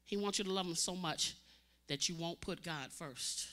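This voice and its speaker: A woman preacher delivering a sermon as dramatic storytelling, swinging from loud cries to hushed, intense tones. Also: on the low side, moderate pace.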